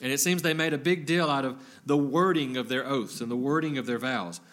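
A man preaching a sermon in an earnest, measured way, reading scripture aloud with some fillers. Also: mid-range voice, a bit bright.

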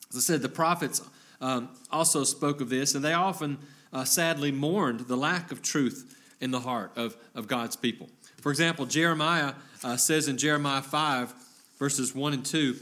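A man preaching a sermon in an earnest, measured way, reading scripture aloud with some fillers. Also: medium pitch, sharp tone.

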